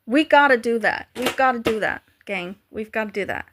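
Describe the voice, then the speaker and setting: A woman's voice: fairly high pitch, lively intonation, moderate pace, a bit bright, a little hiss or hum. A woman live streaming, chatting casually with viewers and playfully trying to pronounce foreign greetings.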